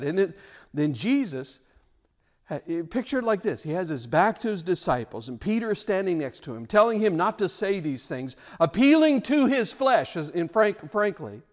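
A man preaching a sermon as pastor, retelling a passage in an emphatic, animated way with frequent restarts. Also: high-pitched, normal speed.

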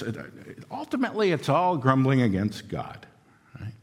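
A male pastor preaching a sermon in a relaxed, conversational storytelling manner, recorded in a church sanctuary. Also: mid-range voice, normal speed, slightly rough. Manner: conversational storytelling, acts out quotes. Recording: long hall reverb.

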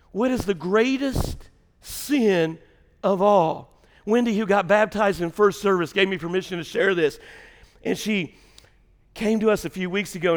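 A male pastor preaching a sermon in a church, swinging between shouted emphasis and hushed, near-whispered lines. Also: sits high, vocal fry. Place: church sanctuary. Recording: long hall reverb.

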